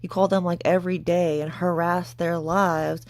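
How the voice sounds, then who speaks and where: A woman's voice: fairly low pitch, little pitch movement, moderate pace, darkish tone. A woman hosting a commentary rant, mocking and profane, with a sarcastic edge. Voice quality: gravelly vocal fry. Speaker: commentary channel host.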